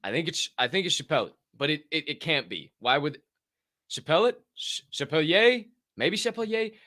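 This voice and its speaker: Lively, cussing American man hosting crypto news. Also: fairly high pitch, moderate pace, dry recording, studio quality. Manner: animated, profane, jokey, bursts of shouting. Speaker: podcast host. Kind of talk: casual crypto news chat.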